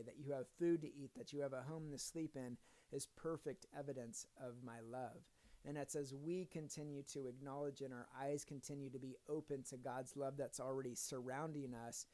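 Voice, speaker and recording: A man's voice: medium pitch, darkish tone. A man in his thirties or forties, a father, giving a casual devotional talk in an earnest storytelling manner with joking asides. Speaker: Christian video speaker.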